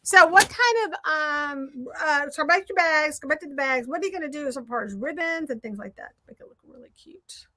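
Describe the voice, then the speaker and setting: A Southern American woman hosting, chatting casually and rambling while she crafts, quick to poke fun at herself. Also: high-pitched, expressive, bright, forceful tone. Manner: chatty, rambling, self-deprecating. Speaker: host.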